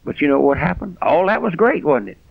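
A man's voice: on the high side, very animated, fairly quick, gravelly, breathy edge, dry recording. Fiery older man preaching on the radio. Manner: fiery, rising to shouts on key phrases. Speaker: pastor. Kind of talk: radio sermon. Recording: dry, dull radio broadcast sound.

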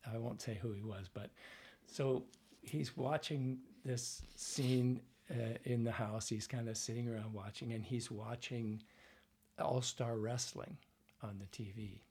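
A Canadian man, a dialect coach, telling animated anecdotes in a relaxed interview and acting out other people's voices. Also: medium pitch, a little slow, breathy edge. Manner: animated anecdotes, acts out voices, frequent fillers. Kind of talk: conversational interview storytelling.

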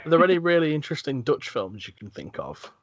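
A man's voice: fairly high pitch, big pitch swings, fast talker, dry recording, lo-fi sound. Hesitant young Englishman, dry sound. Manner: hesitant, full of fillers, gentle. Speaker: podcast co-host. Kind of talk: casual chat.

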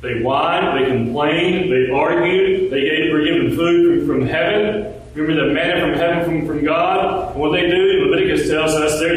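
A man preaching a sermon. He asks the congregation rhetorical questions and slows down when he quotes scripture. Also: fairly high pitch. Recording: very echoey room, voice from a distance.

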